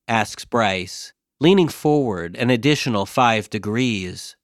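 Slow deadpan man narrating comedy. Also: lowish voice, dry recording. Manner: deadpan, dry self-mocking delivery. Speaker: podcast host narrating his own diary. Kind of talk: scripted comic narration.

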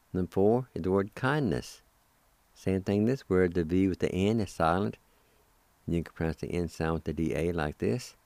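A man's voice: deep voice, creaky, darkish tone, no echo. A man hosting a radio language lesson who spells words and sounds them out syllable by syllable, patient and encouraging with his listeners. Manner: slow and careful, breaks words into syllables. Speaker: radio host teaching language vocabulary.

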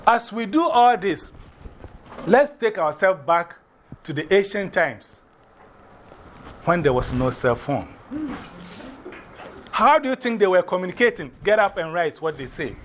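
A man with an African accent teaching a class, animated and often putting questions to the students. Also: sits high, measured pace, pauses often, slight background noise.

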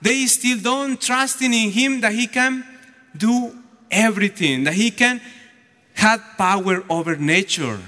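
Slow bright-voiced deacon preaching. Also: male voice, sits high. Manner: storytelling, acting out voices. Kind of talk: homily. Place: church. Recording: echoey church hall.

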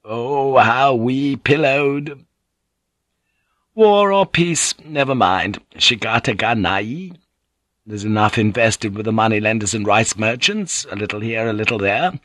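A man's voice: medium pitch, lively intonation, measured pace, fairly bright tone, no room sound, clean studio sound. A man reading a novel aloud and voicing a shrewd, earthy older woman who runs a teahouse, in a knowing, chuckling manner.

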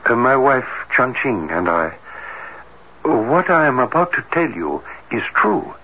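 Casting: a hesitant, formal doctor, bright clear tone, dull old radio sound with faint hiss. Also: male voice, mid-range voice, very animated, unhurried, exaggerated voice. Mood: earnest. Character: cautious, formal male doctor, a man of science. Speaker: cardiologist. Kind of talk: 1970s radio drama acting.

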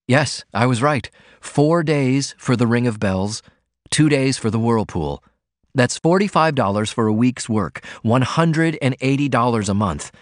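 A man's voice: medium pitch, expressive, a little slow, dry recording, clean studio sound, close to an everyday voice. A man reading an audiobook, voicing a poor young male writer who talks in an earnest, eager way. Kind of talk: audiobook character voice.

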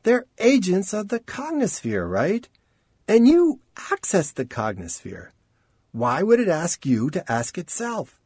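A man voicing a sharp, exasperated young woman in an audiobook, speaking with a frustrated, questioning tone. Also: high-pitched, huge pitch swings, unhurried, husky, no echo, studio quality, pitched above the performer's own voice, heavily acted. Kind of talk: audiobook character voice.

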